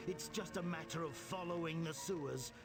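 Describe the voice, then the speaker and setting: A man's voice: fairly high pitch, moderate pace, lightly acted. An actor playing a suave, scheming male crime lord in a video game, speaking in a put-on British accent with a silky, condescending manner. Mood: smug. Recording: video game audio over loud music. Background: game music.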